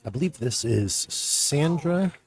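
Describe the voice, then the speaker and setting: A man's voice: on the high side, lively intonation, takes it slowly. A man co-commentating a pool match, answering with short bits of information. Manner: brief, answering player names. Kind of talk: live commentary.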